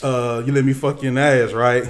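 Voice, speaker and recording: A man's voice: medium pitch, level tone, fairly quick, slight background noise, voice pushed down, lightly acted. A man voicing a crude, profane little male leprechaun in a spoken joke. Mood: smug. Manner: blunt, profane.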